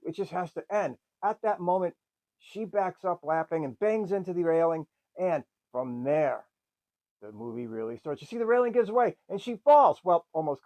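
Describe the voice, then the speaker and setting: A man's voice: a little high, a little mellow, rough recording. A man casually recapping an old film's plot as a podcast host, acting out the characters' lines and swearing freely. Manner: repeats a stock phrase. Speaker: podcast host reviewing a film.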